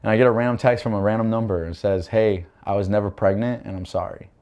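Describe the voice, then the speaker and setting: A young man tells a story on a podcast in a lowish voice. He rambles with fillers and acts out what other people said, and his voice rises and drops as he goes. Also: fast talker, smooth. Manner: animated storytelling, acting out quoted voices, many fillers. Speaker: podcast guest. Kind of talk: casual storytelling.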